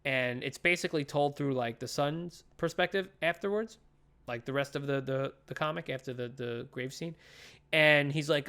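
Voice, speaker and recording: A man's voice: fairly high pitch, normal speed, sharp tone. A man co-hosting a comics podcast, casually retelling a story and acting out the characters' lines, with lots of swearing and fillers. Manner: frequent profanity and fillers. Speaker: podcast co-host. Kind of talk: casual comic book chat.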